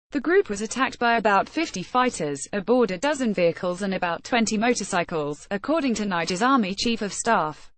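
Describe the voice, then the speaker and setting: A woman reads a news report aloud at an even, steady pace. Her pitch sits in the middle range. The recording is dry, with no room echo. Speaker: news reader. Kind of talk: read-aloud news article.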